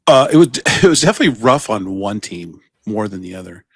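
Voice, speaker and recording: A man's voice: lowish voice, expressive, brisk, vocal fry, husky, dry recording, clean studio sound. A man co-hosting a podcast, giving sports takes in casual chat with lots of false starts. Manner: chatty, breaks off and restarts a lot. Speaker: podcast co-host.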